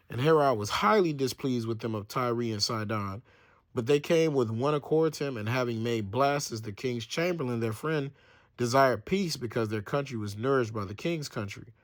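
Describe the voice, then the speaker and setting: A man reading Bible verses aloud and explaining them in casual slang, stumbling over words and acting out the people in the story. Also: mid-range voice. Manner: stumbles and restarts, thinks aloud while checking facts. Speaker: Bible teacher.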